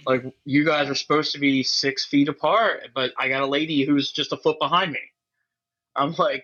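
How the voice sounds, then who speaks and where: A man's voice: mid-range voice, steady tone, moderate pace, pushed and bright. A man in casual chat who rambles along with lots of filler words. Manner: rambling, lots of "like" and "you know". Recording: lo-fi dull sound.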